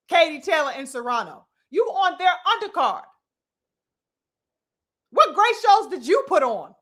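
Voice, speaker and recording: In a very high, sing-song voice that is pushed and bright, a woman talks a little slowly with long pauses. She's hosting a boxing commentary vlog, ranting opinionatedly in a mocking, sermonizing tone full of coarse rhetorical questions and calls to her brothers and sisters.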